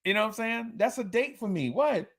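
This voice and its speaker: A Jersey City man with a New Jersey accent hosts a casual live podcast, reading out listener comments. His voice sits high and sounds expressive and brisk, and he's slangy and playful, laughing a lot and repeating himself.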